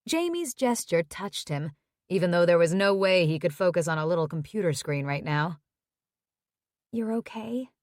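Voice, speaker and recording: A woman narrating a romance audiobook in a measured, even reading. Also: fairly low pitch, dry recording, clean studio sound.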